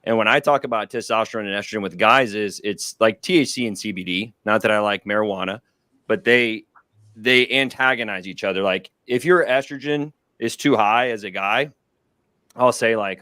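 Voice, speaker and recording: Low-voiced man explaining, dry sound. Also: moderate pace, bright, forceful tone, no room sound. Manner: explanatory, matter-of-fact. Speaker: guest doctor. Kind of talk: casual chat on a group stream.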